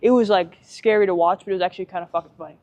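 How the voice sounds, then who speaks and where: A woman's voice: medium pitch, steady tone, rapid-fire, dark tone, dull audio. Rambling, cursing young woman bodybuilder. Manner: rambling, swears freely, says "like" and "bro" often. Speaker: bodybuilder vlogger. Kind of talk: casual gym vlog chat. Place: gym.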